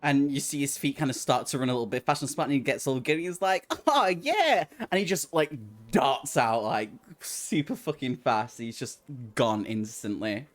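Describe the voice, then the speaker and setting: A woman's voice: extremely low pitch, brisk, hardly any pauses. A woman narrating as game master of a tabletop game, rambling with many fillers and little laughs.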